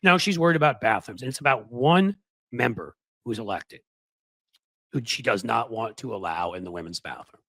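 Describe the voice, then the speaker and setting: A man's voice: mid-range voice, moderate pace, no room sound. Sarcastic guy ranting about politics, voice jumps all over, dry close sound. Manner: sarcastic, mocking, animated asides. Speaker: political commentary host. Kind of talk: opinionated political commentary.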